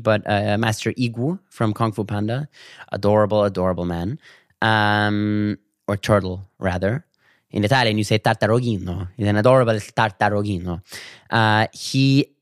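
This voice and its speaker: A man in a casual comedic vlog monologue, telling stories with quick asides and animated bursts. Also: medium pitch, no room sound, clean studio sound. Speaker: vlogger.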